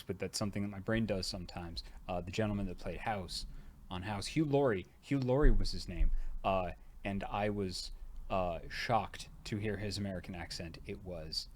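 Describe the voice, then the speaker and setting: Low-pitched male streamer, casual and rambling, sounds jaw-tired. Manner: rambling, chatty, frequent "uh" fillers. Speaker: streamer and voice actor. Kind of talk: casual livestream chat.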